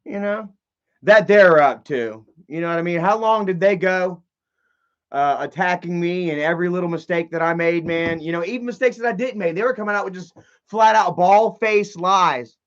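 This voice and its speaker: A man's voice: high voice, normal speed, fairly bright tone. Rambling man on a dull lo-fi stream. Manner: loose, profane, rambling with many fillers. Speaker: live streamer. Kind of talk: rambling casual live stream chat.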